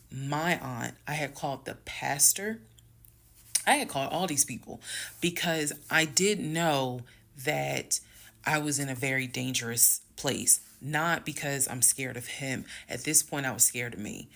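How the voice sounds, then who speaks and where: A woman telling a dramatic personal story in an animated, emphatic way, talking straight to her viewers. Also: rumbling low, gravelly. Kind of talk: casual storytime monologue.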